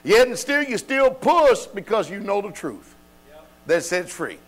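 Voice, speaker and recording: A man's voice: sits high, sing-song, unhurried. A man preaching at a Bible study, with an emphatic, informal style full of rhetorical questions. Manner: informal speech with dropped verbs.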